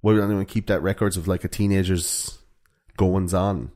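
A man's voice: low voice, normal speed. A man co-hosting a true-crime podcast in casual chat, rambling with lots of fillers. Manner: rambling, animated, many fillers. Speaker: podcast co-host.

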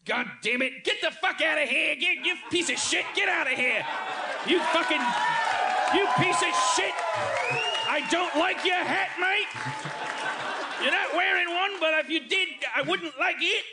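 Male comic as an angry Australian bloke, high, shouting, mock accent; live crowd. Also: unhurried, background noise. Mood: furious. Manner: shouting, cursing, rising question intonation. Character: furious Australian man chasing off a kangaroo.

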